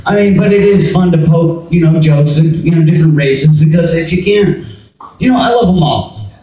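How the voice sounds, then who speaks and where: A man's voice: a little high, lively intonation, normal speed, warm tone, far from the mic. A man from the US East Coast doing a rambling stand-up set, interrupting himself and laughing at his own jokes. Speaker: stand-up comedian. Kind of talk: open-mic stand-up set. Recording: echoey venue, mic from afar.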